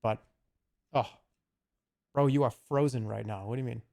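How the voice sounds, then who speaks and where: Rambling gravelly-voiced man streamer. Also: mid-range voice, fairly even intonation, normal speed, darkish tone. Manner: rambling, profane, slips into goofy put-on voices. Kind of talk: casual stream chat.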